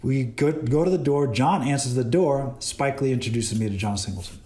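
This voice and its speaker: Cinematographer guest, lively storyteller, laughs a lot, voice a bit echoey. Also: male voice, medium pitch, brisk. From Boston. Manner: animated, laughing, retells exchanges. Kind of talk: casual storytelling interview. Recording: roomy echo.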